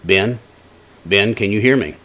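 A calm, unhurried voice of God, as a preacher acts it out, pitched low and soft with a gently wry edge. Each word comes slow and steady, patient and sure of itself. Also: male voice. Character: calm, dry-humored male God voice from above.

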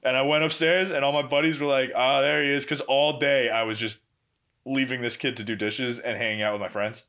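Mid-pitched man telling a story casually. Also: fairly quick. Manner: relaxed storyteller, plays the people he quotes. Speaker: podcast co-host. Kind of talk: casual chat.

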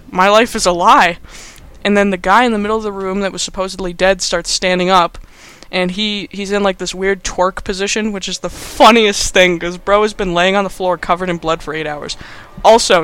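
Rambling, bright-voiced man recapping a film. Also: high voice, fairly quick, clear, resonant tone. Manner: rambling, animated, many fillers. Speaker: podcast host.

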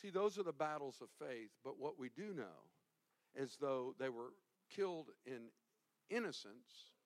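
A male pastor preaching a sermon, animated and emphatic, swinging from hushed to loud. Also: mid-range voice, unhurried.

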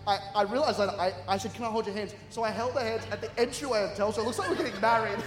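Over a noisy crowd and heavy background noise, an Australian guest preacher with a high voice speaks very fast with few pauses. He tells humorous, self-mocking stories with bursts of laughter in a storytelling sermon to the congregation of a large church hall, where the sound echoes amid faint ambience.

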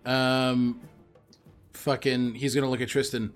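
A man's voice: medium pitch, animated, measured pace, a bit bright, soft background music. A man playing a tabletop game, casual and joking, with frequent swearing. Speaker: player.

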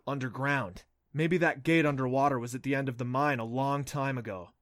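A man's voice: medium pitch, steady tone, moderate pace, fairly bright tone, no echo, natural voice. A man voicing an earnest, stubborn young boy who insists on his story, in a dry audiobook reading. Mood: eager. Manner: insistent, defiant.

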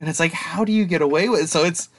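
A man's voice: on the high side, very fast, no echo. A man, co-hosting a podcast in rambling, casual chat and laughing often. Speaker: podcast co-host.

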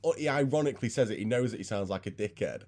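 A man's voice: lowish voice, expressive, very fast, darkish tone. Sweary laughing young man, Welsh. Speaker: podcast co-host. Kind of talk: casual chat.

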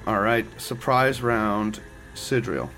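A man running a tabletop game as game master, easygoing and quick to laugh. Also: on the low side, fairly even intonation, fairly bright tone. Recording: background music under the voice.

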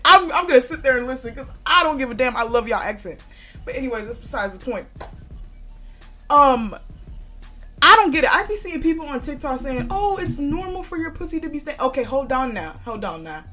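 A woman's voice: on the high side, a bit bright. A young woman hosting a casual solo podcast, talking bluntly with lots of swearing and frequent laughs. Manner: blunt and profane, laughs often. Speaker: podcast host.

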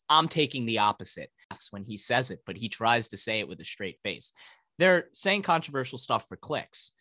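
A man's voice: medium pitch, bright, forceful tone, dry recording. A male podcast co-host ranting about sports in casual, profane talk.

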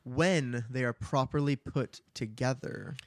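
A man's voice: mid-range voice, a little slow, no room sound. A man co-hosting a podcast, retelling a book in casual chat with plenty of "like" fillers. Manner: chatty, heavy use of filler "like". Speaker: podcast co-host.

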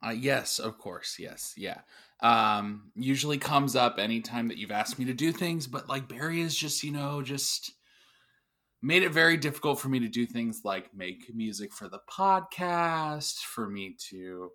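A man's voice: medium pitch, a little slow, sharp tone. A man co-hosting an improv comedy podcast, hesitant and stammering, dodging questions. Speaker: podcast co-host.

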